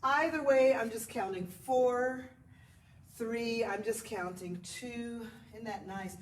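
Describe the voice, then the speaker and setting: A woman's voice: a little high, slow, distant mic. Chatty woman yoga teacher in an echoey room. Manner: chatty, encouraging, counts poses aloud. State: out of breath at times. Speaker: yoga instructor. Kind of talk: live yoga class instruction. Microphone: body mic, at times distant. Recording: echoey room, voice from off mic, faint noise.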